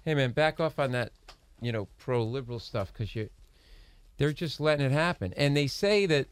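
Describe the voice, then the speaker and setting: A man's voice: mid-range voice, normal speed, smooth. Rambling man telling backstage stories. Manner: rambling, many restarts, animated storytelling. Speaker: guest, late-night show writer. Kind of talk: casual podcast interview.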